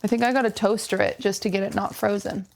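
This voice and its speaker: A woman's voice: mid-range voice, fairly even intonation, quick pace, vocal fry, a little mellow, slight background noise. A woman streaming from home, chatting casually and pointing self-deprecating jokes at her chat while she moves around her kitchen.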